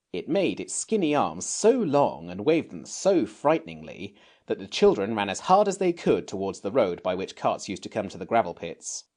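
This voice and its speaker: A man narrating a classic children's novel as an audiobook, in an expressive storytelling manner. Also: fairly low pitch, moderate pace. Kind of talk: scripted narration.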